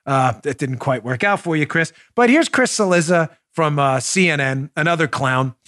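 A man's voice: a little high, animated, normal speed, fairly bright tone, no room sound, studio quality. A middle-aged man hosting a political commentary podcast, talking in a sarcastic, mocking and emphatic way. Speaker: podcast host, former police officer.

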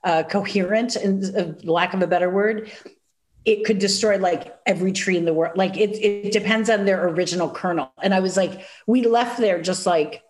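A woman with a nasal Chicago accent, chatting as a guest and telling animated stories full of acted-out quotes. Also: medium pitch, moderate pace. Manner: animated storyteller, acts out quotes, many fillers. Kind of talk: casual chat.

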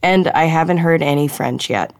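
A woman's voice: low voice, dry recording, clean studio sound. A woman voicing a brash, eager young female field agent with a wisecracking manner. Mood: conspiratorial. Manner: quick, wisecracking, conspiratorial.

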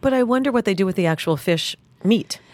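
A woman co-hosting a podcast in casual chat, encouraging and quick to affirm. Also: mid-range voice, expressive, darkish tone, no echo. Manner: encouraging listener, frequent affirmations. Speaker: podcast co-host.

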